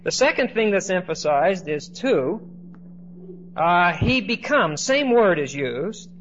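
A man's voice: high-pitched, very animated, takes it slowly, a bit bright. A man teaching a Bible class in lecture style, often checking in with his listeners by asking "okay?". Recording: dull lo-fi recording with faint noise.

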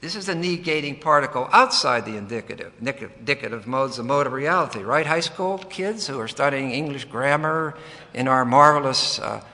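An American man preaches a sermon in a large hall with a long, lingering reverb. His medium-pitched voice is expressive, bright and forceful at a normal pace as he emphatically dissects a Bible verse word by word, tossing in folksy jokes along the way.

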